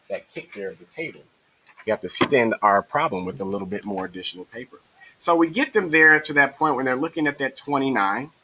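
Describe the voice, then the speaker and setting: A man's voice: mid-range voice, bright, forceful tone, poor audio. A man who teaches math, explaining a division method step by step in an encouraging way. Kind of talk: tutorial lesson.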